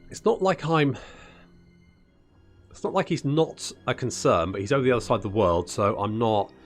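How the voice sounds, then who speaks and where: A man's voice: mid-range voice, animated, normal speed, faint music behind. A man hosting a casual strategy game let's-play, chatting and muttering to himself as he plays and calling his units "buddy". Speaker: gaming channel host.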